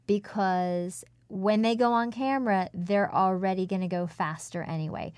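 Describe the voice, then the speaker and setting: A woman speaking coach giving measured, instructive advice in a conversational interview. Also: mid-range voice, a little mellow, no room sound.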